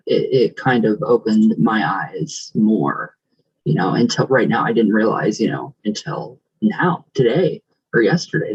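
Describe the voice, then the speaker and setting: A vlogger reads viewer comments in a casual chat, greeting each viewer by name in a husky, mid-pitched, somewhat dark voice. He rambles affectionately, full of fillers and restarts, and now and then rolls his R's. The recording is dull and lo-fi.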